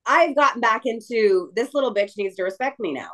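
A middle-aged woman being interviewed about returning to wrestling, talking emotionally with frequent restarts and pauses. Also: a little high, lively intonation, fairly bright tone, poor audio. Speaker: guest wrestler. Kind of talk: casual interview chat.

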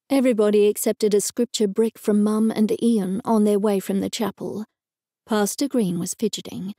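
An Australian woman giving an even first-person scripted narration of a cozy mystery audiobook. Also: mid-range voice, vocal fry, dry recording, clean studio sound.

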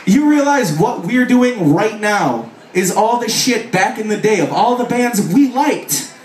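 A man from the area, giving a loud, profane comic talk to a festival crowd from a stage, swearing and putting on mock voices. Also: sits high, animated, a little slow, a little hiss or hum. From Chicago area. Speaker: author speaking at a music festival. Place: festival stage at a bar venue. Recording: echoey live venue, mic heard from a distance.

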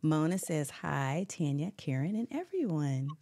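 A woman's voice: low voice, big pitch swings, a little slow, vocal fry, dark tone. A woman hosting a live-stream interview, upbeat and laughing often as she reads viewer comments aloud. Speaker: host.

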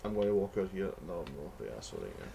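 A man's voice: low voice, big pitch swings, fast talker, gravelly, mellow, a little hiss or hum. A young man with a Glaswegian accent giving sweary, rambling commentary while playing a video game. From Scotland. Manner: sweary, rambling, mock-outraged. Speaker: gamer. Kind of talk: let's play commentary.

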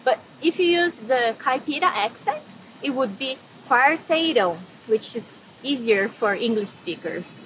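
A woman from Brazil teaching a language lesson, saying example words slowly and carefully and then explaining them. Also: fairly high pitch, animated, noisy background.

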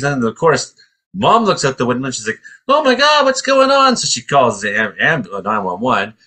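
A middle-aged man from Canada, co-hosting a casual chat and telling stories in an animated way with acted-out voices. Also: mid-range voice, slightly rough. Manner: animated storyteller, acts out voices. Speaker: co-host.

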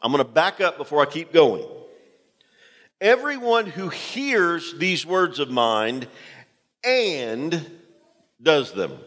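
A man's voice: on the high side, big pitch swings, slow pace, long pauses, fairly bright tone. A man preaching a sermon as pastor to his congregation, emphatic and direct, repeating key phrases. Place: church sanctuary. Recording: long hall reverb from a church.

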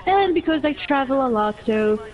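A woman's voice: high-pitched, animated, normal speed, highs cut off. A woman streaming a video game, chatting casually in a hesitant, giggly way. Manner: hesitant, giggly, many restarts. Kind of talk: casual gameplay chat.

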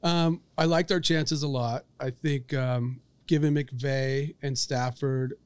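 A man in a casual podcast chat, talking in a measured, hesitant way with frequent ums and analysing games. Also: mid-range voice, fairly even intonation, clear, resonant tone, no echo.

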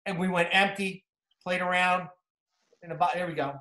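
High-voiced New Jersey football coach. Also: male voice, normal speed. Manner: energetic, repetitive coaching talk. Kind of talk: clinic talk narrating game film. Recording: roomy echo.

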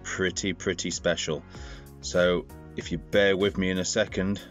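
A man's voice: sits low, flat delivery, unhurried, muffled recording, faint music behind. Chatty man unboxing a toy. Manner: chatty and rambling, jokey asides. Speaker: toy reviewer. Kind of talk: casual unboxing review.

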